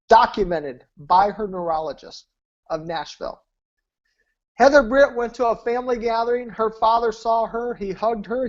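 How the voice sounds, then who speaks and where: A man presenting his weight-loss program, telling success stories in an emphatic, repetitive, preacher-like way over a video call. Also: sits high. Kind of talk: storytelling sales talk. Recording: dull lo-fi call audio.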